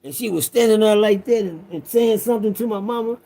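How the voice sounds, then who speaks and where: A man's voice: sits high, fast, mellow. A man in his fifties telling a personal story in a rambling, profane way, talking straight to his listeners. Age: 50s.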